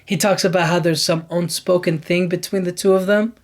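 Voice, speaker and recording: A podcast host with a high, fairly even-toned voice talks fairly quickly while recapping a movie. He rambles casually, enthusing over scenes and filling his speech with "like" and "you know what I mean."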